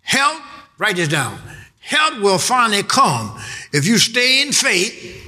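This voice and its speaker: A man delivering a sermon with a high, very bright and piercing voice. He preaches in call-and-response style and presses his points with repeated phrases. He keeps climbing into emphatic shouts. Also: big pitch swings, slow. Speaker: pastor.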